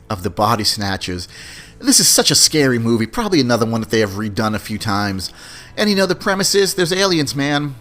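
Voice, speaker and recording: A man talks through a podcast monologue in a loose, rambling way, with lots of "man" and "you know". His voice sits at an ordinary middle pitch. Faint music plays behind him. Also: a bit bright. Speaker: podcast host. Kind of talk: casual movie-talk podcast monologue.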